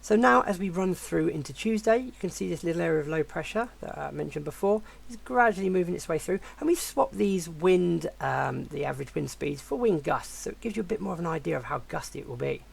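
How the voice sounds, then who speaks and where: A man with a croaky voice while recovering from the flu, presenting a weather forecast with many hesitations and restarts. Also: on the high side, animated, brisk, hardly any pauses. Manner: hesitant, with frequent fillers and restarts.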